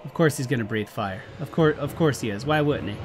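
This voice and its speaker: A man's voice: mid-range voice, a little fast. A man giving casual gameplay commentary on a let's play, swearing and exasperated, talking back at the game.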